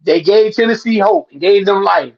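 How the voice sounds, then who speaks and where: High-voiced man ribbing his co-host. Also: normal speed, muffled recording. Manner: animated, teasing, repeats himself for emphasis. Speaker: podcast co-host. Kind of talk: casual sports talk.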